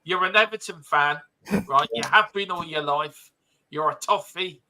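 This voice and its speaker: Man, host, high voice, casual football chat, rambling, restarts. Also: moderate pace, sharp tone, a little hiss or hum, poor audio. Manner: rambling, laughs easily, many restarts.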